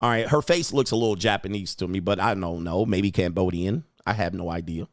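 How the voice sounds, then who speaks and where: A man's voice: fairly quick, dry recording. Blunt, lecturing man with a dry sound. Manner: acts out quoted women in a higher voice. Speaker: host. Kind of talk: livestream commentary.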